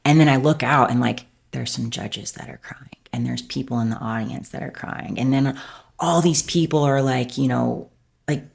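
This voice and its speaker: On a podcast, a woman tells a candid, rambling personal story in a husky bass voice with vocal fry at normal speed, sprinkling "like" through every phrase she says.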